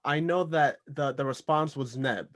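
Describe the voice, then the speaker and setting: A man's voice: fairly high pitch, a little slow, fairly bright tone. Man, podcast host, enthusiastic, encouraging, casual conversation.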